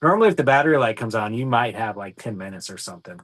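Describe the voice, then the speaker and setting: A man's voice: lowish voice, expressive, very fast, a bit bright. Rambling young man on a podcast. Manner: rambling, lots of ums and restarts. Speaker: podcast guest. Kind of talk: casual chat.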